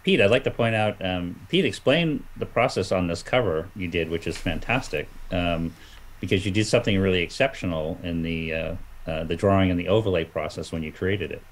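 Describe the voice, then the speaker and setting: Deep-voiced man, rambling comics chat. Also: a little fast, low-quality recording. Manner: rambling with many fillers and restarts. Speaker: guest comic artist. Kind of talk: casual chat.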